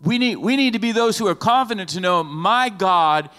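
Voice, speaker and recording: A man preaching a sermon as pastor in an animated, lively way, often acting out the voices of the people in his stories. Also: high voice, normal speed. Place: church sanctuary. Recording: long hall reverb with faint music.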